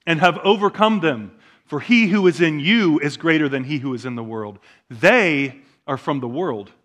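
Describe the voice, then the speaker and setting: A man pastor preaching a sermon in a church, moving between quiet, slow asides and loud, emphatic declarations. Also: fairly high pitch. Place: church sanctuary.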